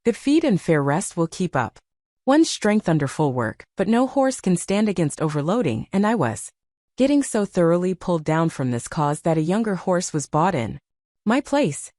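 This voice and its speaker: A woman narrating an audiobook in a measured storytelling manner. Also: on the low side, sing-song, darkish tone, no room sound, clean studio sound. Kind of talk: scripted narration.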